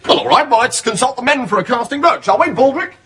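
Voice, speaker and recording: A man's voice: very high voice, animated, fast, a bit bright, a little hiss or hum, heavily acted. A man playing a naive young officer in a studio sitcom, hearty and gushing. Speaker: lieutenant.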